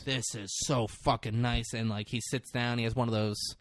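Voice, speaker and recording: A podcast co-host speaks at normal speed in a medium-pitched voice, with a little hiss or hum in the recording. He recaps a movie in casual chat, performing the characters' lines animatedly and with swearing.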